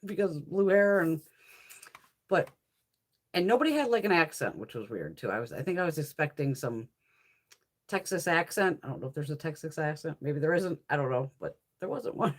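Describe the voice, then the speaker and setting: A woman's voice: low-pitched, expressive, normal speed. A woman chatting casually while swatching makeup, profane, laughing often and answering viewers' comments. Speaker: beauty haul host.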